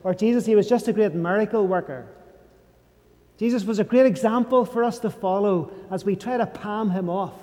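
A male preacher delivers an emphatic sermon in a fairly high, mellow voice. He sinks to a hushed low tone on his key phrases. The sound carries the long reverb of a large church hall. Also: moderate pace.

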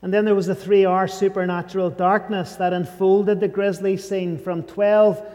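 The sermon comes from a man with a mellow, fairly high voice, emphatic, evenly toned and moderately paced. On key phrases he goes hushed and low, and the big church hall around him adds a long reverb.

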